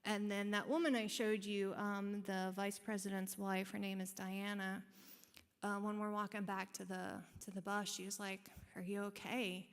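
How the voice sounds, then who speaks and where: An earnest woman tells her story before a church congregation, her voice at an ordinary middle pitch. The words trail on with long reverb in a big church hall, and she talks in a loose, storytelling way. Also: level tone, moderate pace. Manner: earnest, storytelling, many fillers. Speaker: church member sharing testimony. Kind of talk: personal testimony in church. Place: church sanctuary.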